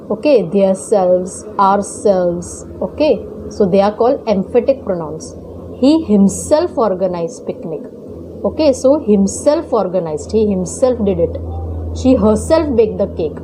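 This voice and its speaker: A woman's voice: medium pitch, mellow, slight background noise, rough recording. A woman teacher explaining grammar in a recorded lesson, repeating points and often checking in with "okay?". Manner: repetitive, checks understanding with "okay?".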